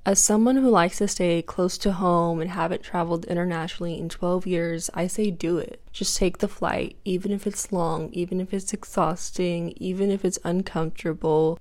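A young woman giving an earnest, reflective monologue that slows to a soft hush. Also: lowish voice, little pitch movement.

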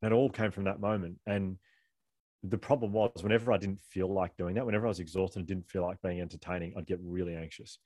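A man with an Australian accent, a guest telling lively, laughing stories in a casual interview. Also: low-pitched, dry recording. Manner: animated, laughing storyteller with fast rambling delivery. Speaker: author and guest.

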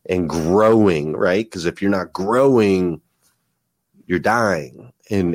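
Low-voiced earnest male podcast guest. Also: no room sound, studio quality. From United States. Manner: earnest, reflective, repeats words as he thinks. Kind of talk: casual conversation.

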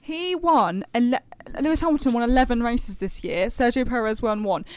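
A woman's voice: on the high side, normal speed, a little mellow, clear, resonant tone, no echo. A woman on a podcast panel, arguing her point insistently in casual debate. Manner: insistent, argumentative.

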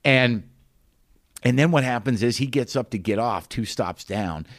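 A man hosting a podcast, telling a rambling, incredulous comic story with quick restarts. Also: medium pitch, expressive, no echo, clean studio sound. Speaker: podcast host.

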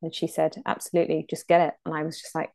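A woman co-hosting a podcast, telling stories in an animated, gushing way. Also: low-pitched, fast talker, vocal fry. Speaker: podcast co-host. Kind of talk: casual chat.

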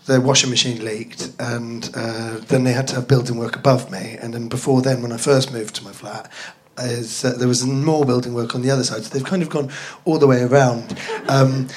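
Speaking at normal speed with few pauses, this young man from North London has a steady, medium-pitched, darkish voice. He chats casually to a live audience, rambling along, self-deprecating, and laughing at his own jokes.

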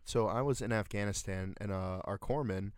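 A man's voice: lowish voice, moderate pace, clear, resonant tone, no echo, studio quality. A man who is a military veteran, co-hosting a podcast with crude, teasing banter.

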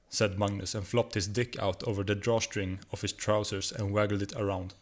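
Swedish guy narrating a funny short story, low voice, steady read. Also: moderate pace. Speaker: guest reader.

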